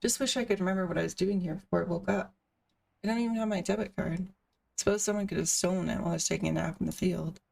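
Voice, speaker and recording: A woman's voice: on the low side, creaky, a little mellow, far from the mic. A woman streamer reading a visual novel aloud, with casual asides between the narration.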